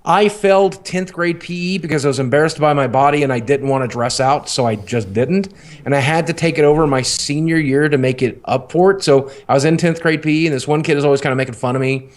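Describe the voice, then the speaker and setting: A man's voice: fairly high pitch, fast talker. A man, a podcast co-host telling a long candid story in casual, rambling, profane talk.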